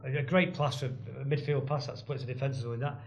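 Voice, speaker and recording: A man's voice: medium pitch, steady tone, a little fast, a little hiss or hum. A man, a guest telling rambling stories full of restarts and asides in casual chat. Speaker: guest, former band drummer.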